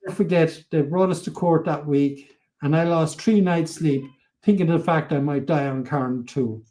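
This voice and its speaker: An older Irishman talks in a fairly high voice, full of energy as he tells stories from his life. He acts out what other people said and swears without a second thought. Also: normal speed. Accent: Irish, Cork. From Ireland. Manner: animated, acts out quotes, swears freely. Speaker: podcast guest. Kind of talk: storytelling interview.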